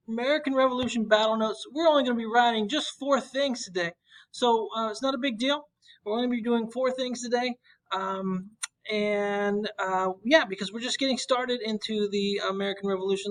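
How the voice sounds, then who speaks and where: Casual teacher talking through notes. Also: male voice, high voice, a bit bright, rough recording. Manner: casual, many fillers and restarts. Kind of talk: recorded classroom lesson.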